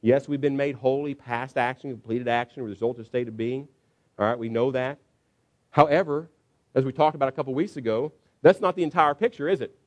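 Middle-aged guy preaching, chatty storyteller, keeps asking "right?" to the crowd. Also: brisk. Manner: conversational storytelling preacher, frequent "all right?" asides; acts out quotes with sudden high excited pitch. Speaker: pastor. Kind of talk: sermon.

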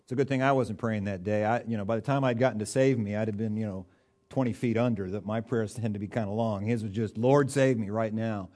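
A man's voice: fairly low pitch, steady tone, fast talker, darkish tone. A man preaching a sermon in a conversational, folksy way, with touches of humor and rising bursts of emphasis.

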